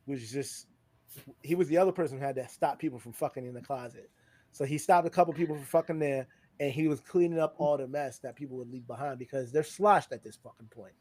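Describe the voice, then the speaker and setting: Guy on a podcast telling a wild party story, kinda high voice, does all the characters, super dry close mic. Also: dry recording. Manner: animated, acts out quotes with big pitch jumps, swears freely. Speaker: podcast co-host. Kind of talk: casual storytelling among friends.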